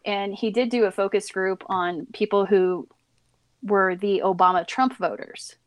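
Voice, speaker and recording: A woman's voice: mid-range voice, fairly even intonation, measured pace. A woman with a mid-range voice talks casually on a podcast, restarting her sentences as she explains. The sound is dry and close, with no room echo. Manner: chatty, hesitant restarts, laughs. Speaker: podcast co-host. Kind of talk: casual political chat.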